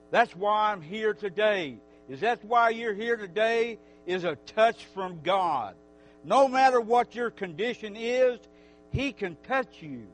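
A man giving an emotional sermon testimony, speaking heartfelt and repetitive, swinging between loud calls and hushed confessions. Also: high voice, a little hiss or hum. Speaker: preacher.

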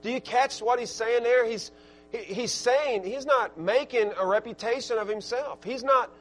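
A man with an Arkansas accent preaching a sermon, swinging from quiet asides to loud, emphatic peaks and restarting his words as he goes. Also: very high voice, normal speed. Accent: Southern US, Arkansas.

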